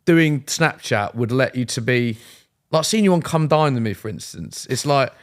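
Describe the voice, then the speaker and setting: A man's voice: mid-range voice, expressive, normal speed. A man hosting an interview, asking questions in an eager, encouraging way. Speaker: host.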